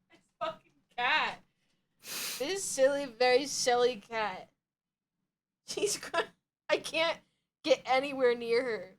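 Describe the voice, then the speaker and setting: A woman's voice: high-pitched, takes it slowly, pauses often. A woman streaming a game, chatting casually, laughing often and talking to her cat. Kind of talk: casual gameplay chat.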